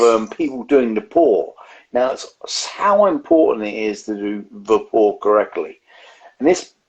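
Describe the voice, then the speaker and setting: Gravelly, animated man chatting. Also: lowish voice, low-quality recording. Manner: rambling, swears freely. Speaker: beer review co-host. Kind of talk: casual live-stream chat.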